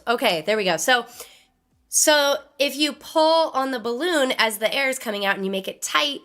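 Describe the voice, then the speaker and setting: Hoarse chatty woman with a bright voice. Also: fairly high pitch, expressive, normal speed. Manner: blunt, chatty, explains with gestures. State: hoarse from laryngitis. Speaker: musician streamer. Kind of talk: casual live-stream chat. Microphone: studio microphone.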